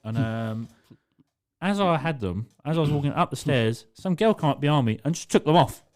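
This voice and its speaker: A young man, co-hosting a podcast in casual chat. He tells stories in an animated way, laughs often and swears freely. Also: a little high, moderate pace. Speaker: podcast co-host.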